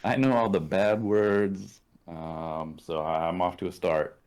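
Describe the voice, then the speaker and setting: Canadian man, low voice, casual profane storyteller, acts out quotes. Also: steady tone, slow, a crowd in the background. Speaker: podcast guest.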